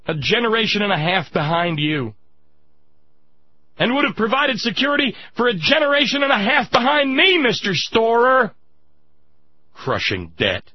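A man giving impassioned political commentary, sarcastic and indignant, rising to shouts. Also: very high voice, husky, dull audio.

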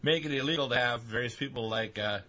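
Husky, bright-toned man, halting. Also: mid-range voice. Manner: halting, stumbling, demanding. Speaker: speaker in a played clip. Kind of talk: opinion talk.

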